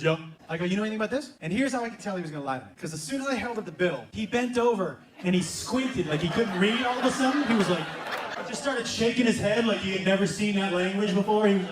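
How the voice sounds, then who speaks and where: A man's voice: high-pitched, roomy sound, noisy background. A man doing stand-up comedy, telling family stories in a dry, amused way.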